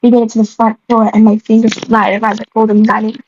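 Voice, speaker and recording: A young woman rereads one of her old stories aloud, stumbling over the words and pausing to mock her own writing before dissolving into giggles. Her voice is slightly high and darkish, with a completely flat delivery, a fast pace, and a little hiss or hum. The recording is dull, lo-fi, and dry.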